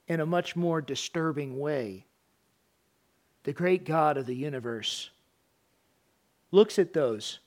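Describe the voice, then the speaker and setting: A middle-aged man preaching a sermon, animated, acting out parents and children in raised voices. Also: on the high side. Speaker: pastor.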